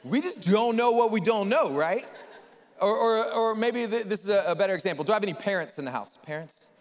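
High-voiced, playful preacher in a reverberant hall. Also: male voice, a little fast. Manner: energetic, joking, talks with the crowd. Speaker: pastor. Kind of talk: sermon. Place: church in front of a live congregation. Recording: long reverb of a large hall.

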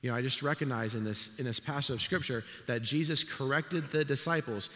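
A man's voice: mid-range voice, a little fast, big-room sound. A middle-aged man, a pastor, preaching a sermon in a church and telling stories with acted-out voices. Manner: animated storytelling, acts out voices. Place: church sanctuary.

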